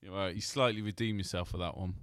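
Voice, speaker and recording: A man's voice: deep voice, steady tone, fast, no room sound, studio quality. A man hosting a podcast, chatting casually, teasing his co-host, swearing and laughing often. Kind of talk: casual chat.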